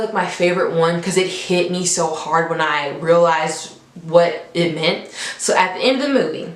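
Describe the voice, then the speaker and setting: A young adult woman reviewing a film in a casual, animated storytelling way, often laughing between points. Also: on the low side. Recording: echoey room.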